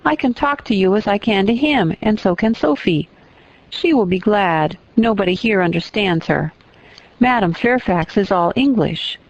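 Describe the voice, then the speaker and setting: An excitable little girl with a French accent, put on by a woman reader chatters on without pause. The storybook recording is dry and slightly dull. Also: mid-range voice, no echo.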